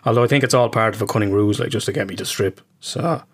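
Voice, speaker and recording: Irish man, middle-aged, husky, casual podcast chat, rambling, swears, laughs a lot. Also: lowish voice, fast talker. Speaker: podcast co-host.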